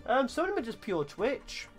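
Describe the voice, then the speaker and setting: A male streamer in casual gaming chat, ribbing his friends with dry sarcasm. His pitch swings widely as he talks, with faint game music underneath. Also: big pitch swings, brisk. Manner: teasing, sarcastic.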